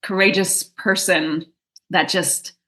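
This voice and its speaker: Woman coach, interview guest, bright lower-pitched voice, earnest storytelling. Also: fairly even intonation, slow. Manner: earnest storytelling with frequent fillers. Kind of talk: conversational interview.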